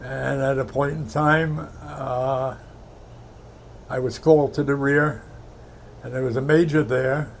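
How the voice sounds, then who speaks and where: Slow gravelly old man from Brooklyn. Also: medium pitch, fairly even intonation, a little hiss or hum, poor audio. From Brooklyn, New York. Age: 90s. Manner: halting, many fillers and restarts; heartfelt, emotional recollection. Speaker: interviewee, war veteran. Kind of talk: oral history interview.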